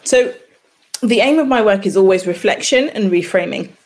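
A woman's voice: medium pitch, expressive, normal speed, a little mellow. A woman, a midwife and birth debrief facilitator, talking through her work as a podcast guest in a reflective way, often acting out example conversations. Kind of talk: conversational interview.

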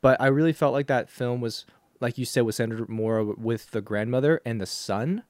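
A man's voice: mid-range voice, normal speed, no room sound, studio quality. A man co-hosting a casual film podcast, thinking aloud and joking around. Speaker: podcast co-host.

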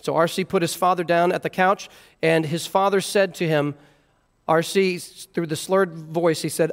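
A man's voice: fairly high pitch, steady tone, moderate pace, big-room sound. A man preaching an expository sermon, earnestly explaining scripture verse by verse. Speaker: pastor.

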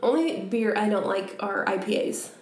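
A woman's voice: medium pitch, expressive, moderate pace, a little mellow. A young woman co-hosting a podcast, telling a story in a rambling, chatty way and laughing often. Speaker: podcast co-host. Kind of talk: casual storytelling chat. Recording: echoey room.

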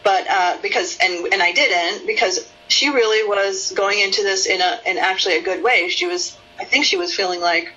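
A woman therapist explaining her work in an interview, sometimes acting out her own curious, soothing session voice with lilting high rises. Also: fairly even intonation, normal speed, hardly any pauses, bright, forceful tone, dull audio.

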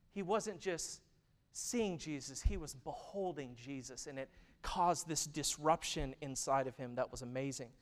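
A man in his thirties preaching a sermon, who moves from loud, emphatic stretches to hushed, intimate ones. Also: fairly high pitch. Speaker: pastor.

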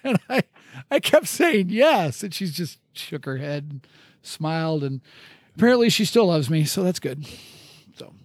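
A man's voice: on the high side, sing-song, measured pace, no echo, studio quality. A middle-aged man hosting a podcast, telling a rambling, self-mocking story at a casual pace, with restarts and laughs. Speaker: podcast host.

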